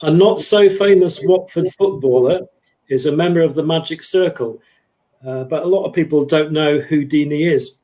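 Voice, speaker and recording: Dry-humored Englishman, slightly high. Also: moderate pace, dark tone. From England. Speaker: guest comedian. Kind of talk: casual chat and pun telling.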